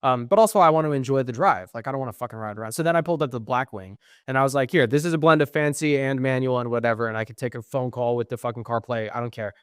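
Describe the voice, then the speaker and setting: A man's voice: mid-range voice, racing, few pauses, smooth, dry recording, studio quality. A young man co-hosting a podcast, telling stories in casual chat, quoting others and swearing often. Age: young adult. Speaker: podcast co-host.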